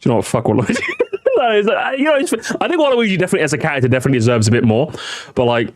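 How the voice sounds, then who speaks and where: A British man streaming live, reacting to videos and chatting to his viewers in a rambling, animated way. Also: fairly high pitch, rapid-fire, no echo, clean studio sound. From Britain. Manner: animated, chatty, repeats himself, addresses chat. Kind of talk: casual live-stream commentary.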